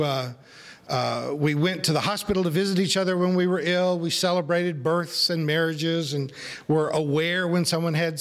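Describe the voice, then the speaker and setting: Guy pastor preaching, chatty storytelling, pokes fun at himself, slightly high voice. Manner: conversational storytelling with self-deprecating humor. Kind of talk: sermon.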